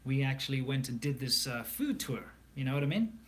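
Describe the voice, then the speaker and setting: A man's voice: mid-range voice, sing-song, fairly quick. Candid South African man, rambling livestream talk. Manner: rambling, candid, many fillers and restarts. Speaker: livestream host. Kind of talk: casual livestream Q&A.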